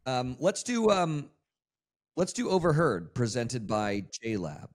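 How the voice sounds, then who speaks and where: A man co-hosts a podcast in casual chat. He asks questions in halting bits full of ums and throws in joking asides, in an ordinary middle-pitched voice. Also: very animated. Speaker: podcast co-host.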